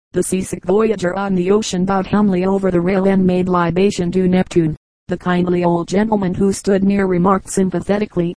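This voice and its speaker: A woman reading a book of humorous anecdotes aloud as an audiobook narrator, in a measured, even storytelling delivery. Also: fairly low pitch, dry recording, low-quality recording. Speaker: audiobook reader. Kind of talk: scripted narration.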